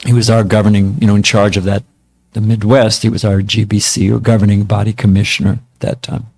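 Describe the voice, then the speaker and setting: A man's voice: on the low side, flat delivery, brisk, darkish tone. A man in his seventies, a monk giving a spiritual talk, telling stories from his past in a casual, self-mocking way. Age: 70s.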